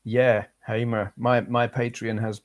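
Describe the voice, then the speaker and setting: A man's voice: mid-range voice, flat delivery, a little slow. An English man hosting a casual live stream, chatting loosely and reading out viewer comments.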